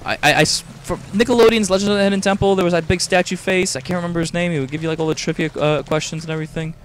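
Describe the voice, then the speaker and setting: A man's voice: sits high, fairly even intonation, racing, slight background noise. A young man hosting a gaming video, rambling casually, exasperated and swearing a lot. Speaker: host.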